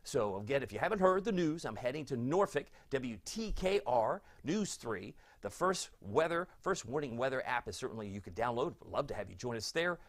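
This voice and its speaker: A middle-aged TV weatherman chats through a live forecast and reads out viewer comments, getting sentimental and easily moved. His mid-range voice swings widely in pitch, and he speaks briskly with few pauses.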